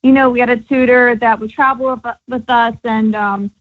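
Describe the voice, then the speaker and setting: A woman's voice: fairly high pitch, fairly even intonation, normal speed, phone-quality sound. A woman from the American South, a guest on an interview show, talking in an easygoing, conversational way. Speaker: guest performer.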